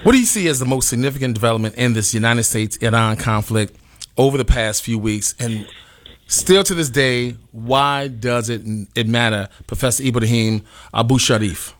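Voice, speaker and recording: A man's voice: mid-range voice, moderate pace. A man hosting a talk radio show, speaking passionately and emphatically, with exclamations.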